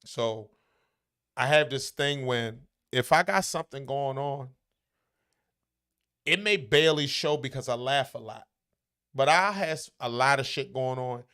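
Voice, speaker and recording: Blunt, profane man with a smooth voice. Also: mid-range voice, unhurried, long pauses, sharp tone. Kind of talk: casual chat.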